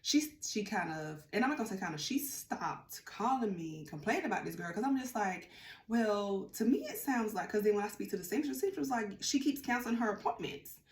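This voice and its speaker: A woman vlogger telling a casual storytime, chatty and animated, acting out what others said. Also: medium pitch, fairly quick, slight background noise. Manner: chatty, animated, acts out quotes. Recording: roomy room with faint ambience.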